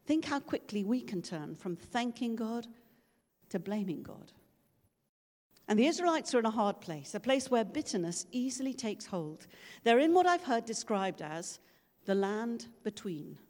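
A woman's voice: fairly high pitch, darkish tone. A woman giving a sermon in a church, telling stories in a conversational way and acting out quoted voices. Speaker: preacher. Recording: long reverb from a large room.

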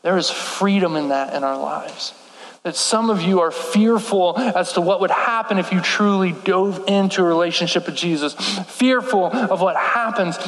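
A man's voice: sits high, a bit bright. A man preaching a sermon in a casual, slangy way, often saying "like". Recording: echoey hall with long reverb.

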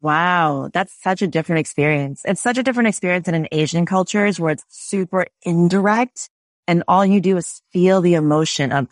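Podcast host chatting, mid-pitch voice, reflective, dry sound. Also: brisk, no echo. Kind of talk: casual conversation.

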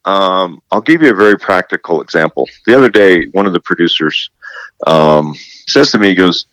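A man interviewed as a guest, telling animated stories and acting out the dialogue he quotes, often repeating himself and restarting. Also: deep voice, normal speed, no room sound, poor audio. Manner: animated storyteller who acts out quoted dialogue. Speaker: guest, television presenter. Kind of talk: casual faith interview.

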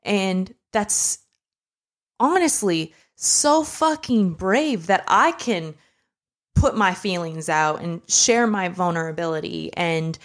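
A woman's voice: lowish voice, expressive, slow. A young woman co-hosting a podcast, telling a personal story in a candid, emotional, conversational way. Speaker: podcast co-host. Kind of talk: casual chat.

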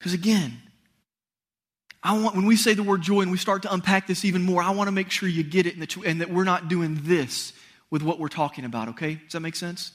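High-voiced man preaching conversationally. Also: steady tone. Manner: conversational, asks the audience questions, halting restarts. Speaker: pastor. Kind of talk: sermon.

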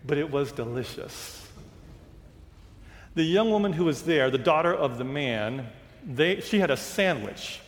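A man's voice: on the high side, big-room sound. A male pastor giving a sermon, telling a personal travel story and acting out the reactions of the people in it. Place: church sanctuary.

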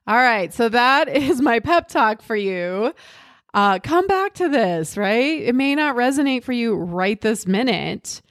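A woman's voice: a little high, expressive, measured pace, no echo, studio quality. A woman coach giving a candid, motivational pep talk, swearing freely and checking in with "right?".

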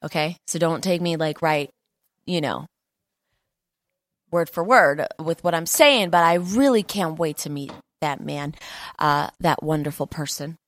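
A woman preaching a fervent, conversational sermon, repeating key lines for emphasis and often pausing on fillers. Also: low voice, dry recording, clean studio sound.

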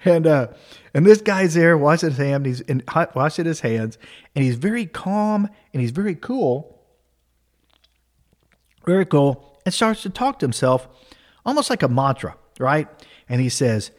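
A man telling a funny personal story in a casual, animated way, often checking in with the listener. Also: mid-range voice, normal speed. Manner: casual, animated, tag questions.

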